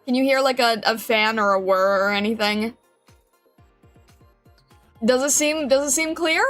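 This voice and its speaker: A woman's voice: a little high, a little slow, fairly bright tone, soft background music. A woman streamer chatting casually with her live chat, bubbly and giggly, greeting viewers by name from a home desk mic. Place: home streaming room with a fan. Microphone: desk mic with noise filter.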